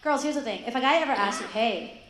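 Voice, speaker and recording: High-voiced woman in an echoey hall. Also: racing. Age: young adult. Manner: animated, acts out quoted voices, asks the audience questions. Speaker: speaker addressing high school students. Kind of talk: faith talk to students. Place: school hall.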